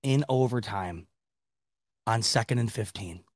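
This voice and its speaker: Laughing to tears at points, a male sports reaction podcast host rambles in casual, exasperated talk full of restarts and laughs. He has a fairly low voice and a measured pace, in a studio-quality recording without room sound.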